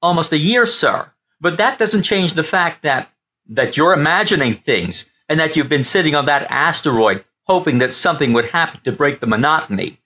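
A man voicing a gruff, irritable starship captain in an audiobook, curt and blustering. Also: a little high, expressive, moderate pace, sharp tone, pitched above the performer's own voice. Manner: curt and blustering, then flustered.

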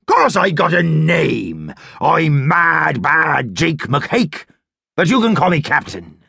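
Gravel fills this old pirate captain's voice, a man acting him out. He drawls his words slowly in a folksy way, rising and falling freely. The audiobook recording is close and dry. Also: fairly high pitch, big pitch swings, pushed and bright, no room sound, exaggerated voice. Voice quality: gravelly, husky. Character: gruff hungry old male pirate captain.

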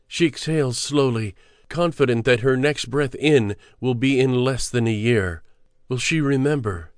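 Male audiobook narrator, measured and steady, mid pitch, dry studio sound. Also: clear, resonant tone, no echo. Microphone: close studio mic.

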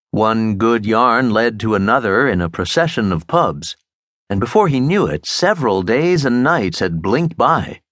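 A man narrating a mystery audiobook in a crisp, expressive storytelling manner. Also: mid-range voice, dry recording. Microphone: close studio mic.

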